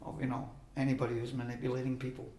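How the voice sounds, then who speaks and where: A man's voice: mid-range voice, monotone, very fast, warm tone, reverberant, slight background noise. An older man telling a long personal story in a casual interview, acting out the voices of the people he quotes. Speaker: interview guest.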